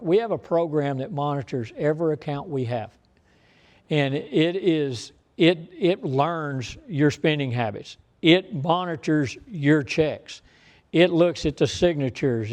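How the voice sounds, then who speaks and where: Man, folksy presenter to a room of business owners, emphatic and repetitive, a touch high in pitch. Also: a little mellow. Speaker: bank fraud manager presenting to business owners. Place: meeting room before an audience.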